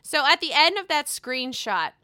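Sassy, bright-voiced woman dishing gossip. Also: high-pitched, big pitch swings, moderate pace, dry recording, studio quality. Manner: chatty, sassy, swears freely. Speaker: gossip vlogger. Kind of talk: casual gossip commentary.

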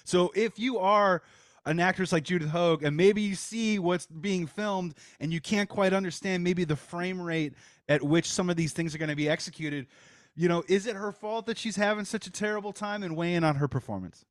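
A man's voice: high-pitched, moderate pace, no echo, studio quality. A man hosting a podcast, recapping behind-the-scenes stories casually and handing questions to his guests. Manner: recaps trivia in a storytelling way, hands off to guests. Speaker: podcast host. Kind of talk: casual chat.

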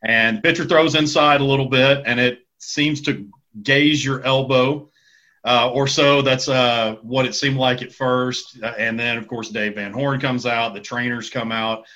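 A male podcast co-host with a bright, forceful voice sets up his questions, pausing on fillers. His pitch sits in an ordinary middle range. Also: steady tone. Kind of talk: interview questions.

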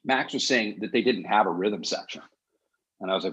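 A man's voice: fairly low pitch, a little fast, breathy edge, low-quality recording. A man hosting a podcast, telling long digressive stories in casual chat. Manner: animated storyteller, digressive. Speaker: podcast host.

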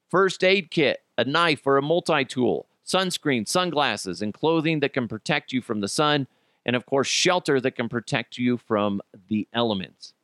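A man from Colorado hosts a podcast in a loose, ranting style, his pitch swooping up and down as he mocks and swears. He laughs at his own jokes, and the recording is close and dry. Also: a bit bright, dry recording. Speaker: podcast host. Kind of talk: casual ranting commentary.

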